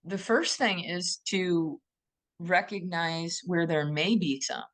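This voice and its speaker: A woman co-hosting a podcast, speaking in a thoughtful, gently emphatic way and often posing questions to herself. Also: lowish voice, slow pace. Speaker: podcast co-host. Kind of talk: reflective conversational podcast talk.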